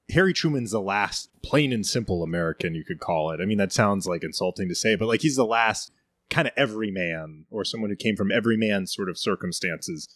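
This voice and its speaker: Low-voiced man chatting about history. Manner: rambling, self-correcting, lots of "like" and "I mean". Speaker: podcast co-host. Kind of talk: casual history chat.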